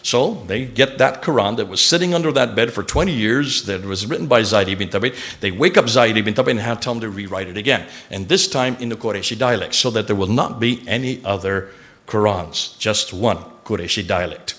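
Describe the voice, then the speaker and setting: A man lecturing a live audience, animated and quizzing listeners with rhetorical questions. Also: fairly low pitch, brisk.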